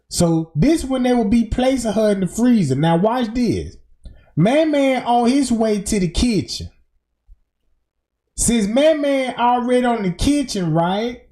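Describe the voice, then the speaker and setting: Narrating over video, a man offers laid-back, slang-filled commentary, slow and emphatic, pointing out what's on screen. His voice has a mellow tone and lively pitch.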